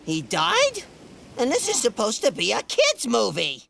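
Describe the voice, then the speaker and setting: A man's voice: very high-pitched, wildly swooping pitch, unhurried, gravelly, sharp tone, slight background noise, exaggerated voice. A man voicing a small, wisecracking male rat puppet in a film clip, grumbling sarcastically. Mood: indignant. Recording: film clip played in video.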